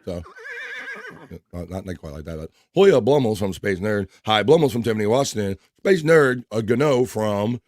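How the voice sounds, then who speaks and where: A hoarse man hosting a live stream, chatting casually in a halting, rambling way and greeting viewers. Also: lowish voice, expressive, darkish tone, no room sound, studio quality. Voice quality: rambling, halting, with many fillers. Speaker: livestream host.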